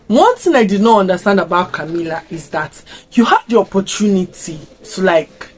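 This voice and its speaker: A woman's voice: mid-range voice, normal speed, husky. A young woman with a Nigerian accent, giving casual reaction commentary and firing off rhetorical questions. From Africa. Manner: expressive, fires off rhetorical questions. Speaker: reaction vlogger.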